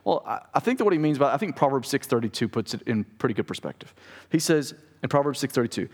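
Male pastor, mid pitch, chatty preaching style, long hall reverb. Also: very animated, fast talker, slightly rough. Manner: conversational preaching with asides to the congregation. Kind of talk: sermon.

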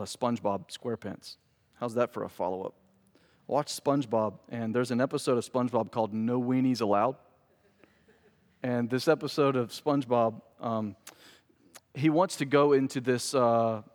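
A male pastor preaching a sermon in a church, emphatic and humorous, with dramatic pauses. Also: medium pitch. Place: church sanctuary. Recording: long church-hall reverb.

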